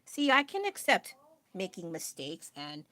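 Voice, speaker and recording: A woman's voice: fairly low pitch, huge pitch swings, a little slow, sharp tone, no room sound. A woman with an American accent chatting casually on a livestream, rambling and laughing often as she answers her chat. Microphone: phone.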